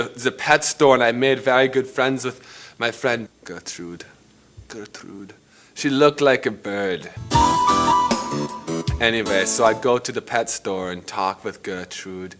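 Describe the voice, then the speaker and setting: A man's voice: mid-range voice, bright, forceful tone. An actor playing a rambling, eccentric male painter in a comedic mockumentary interview, talking casually and crudely.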